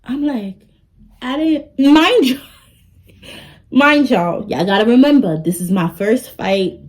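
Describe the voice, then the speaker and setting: Animated young woman telling a story. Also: on the high side, slow pace, low-quality recording. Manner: animated, talks straight to the audience. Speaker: vlogger. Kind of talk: storytime vlog.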